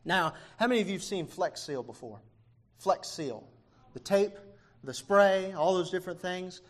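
High-voiced fervent preacher man. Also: expressive, normal speed. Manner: fervent, swings from hushed to near-shouting; frequent "uh" fillers. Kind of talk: sermon.

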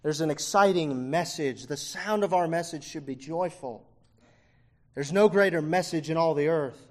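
A preacher with a notably high voice delivers a sermon at a moderate pace, his fervour moving between quiet, close passages and ringing near-shouts. He frequently uses "uh" to bridge from one phrase to the next.

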